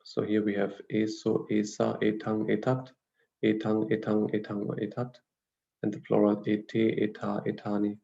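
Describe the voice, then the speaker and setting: Low gravelly male grammar lecturer. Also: monotone, dark tone, dull audio. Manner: measured, explanatory, with frequent fillers and restarts. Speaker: language teacher. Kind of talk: lecture reading grammar notes.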